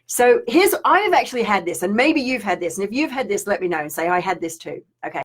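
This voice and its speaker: A woman's voice: medium pitch, very animated, quick pace, husky. Woman spiritual teacher, rambling live-stream chat with viewers. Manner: chatty and rambling, reads viewer comments aloud.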